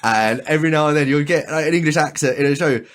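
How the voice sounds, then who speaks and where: A man's voice: a little high, fast, fairly bright tone. A man hosting a podcast in casual chat, enthusiastic and rambling, swearing freely. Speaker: podcast host.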